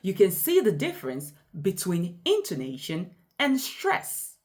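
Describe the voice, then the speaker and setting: Slow, lively-voiced woman teaching pronunciation. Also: mid-range voice. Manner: deliberate, emphatic example sentences. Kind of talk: slow explanatory lesson.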